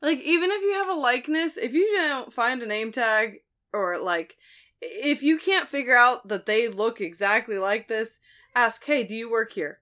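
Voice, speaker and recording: A woman's voice: a little high, moderate pace. A woman co-hosting a casual chat podcast who reads listener stories aloud and laughs often. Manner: giggly, animated storyteller. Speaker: podcast co-host.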